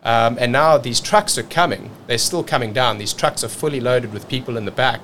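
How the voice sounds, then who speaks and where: A man from South Africa telling a story as a podcast guest, energetic and repeating words as he rushes on. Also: mid-range voice, a little hiss or hum. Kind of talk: casual storytelling.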